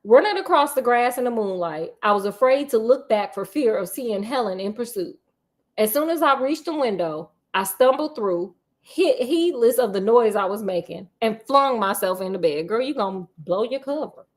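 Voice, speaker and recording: Her voice sits a little high, with lively intonation and a moderate pace. She reads a spooky children's novel aloud as a storyteller, cutting in with sassy, laughing asides for comic effect.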